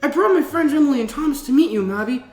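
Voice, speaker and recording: A woman voicing a cheeky, friendly male talking dog with a breezy, quick manner, in a storybook reading. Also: high voice, expressive, darkish tone, pitched above the performer's own voice. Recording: echoey room with music behind.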